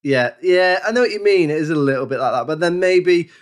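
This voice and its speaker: A man's voice: a little high, lively intonation, a little fast, clear, resonant tone. A man co-hosting a casual film podcast, wry and rambling, who swears casually. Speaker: podcast co-host.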